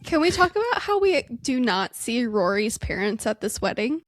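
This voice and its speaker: An enthusiastic young woman chats casually as a podcast co-host in a fairly high voice. The sound is dry and close, with no room around it. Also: sing-song, moderate pace, no room sound. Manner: agreeable, enthusiastic, uses like often. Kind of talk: casual chat.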